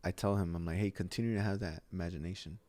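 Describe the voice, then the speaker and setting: With a low-pitched, slightly mellow voice, a middle-aged gym owner talks quickly and in a steady tone on a casual podcast. His stories ramble, and he restarts often.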